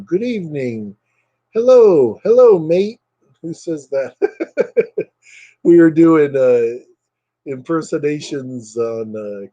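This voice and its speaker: A man's voice: mid-range voice, dull audio. A man hosting a casual livestream, rambling and reading viewer comments aloud, with lots of hesitant fillers. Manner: relaxed, hesitant with many fillers. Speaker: livestream host.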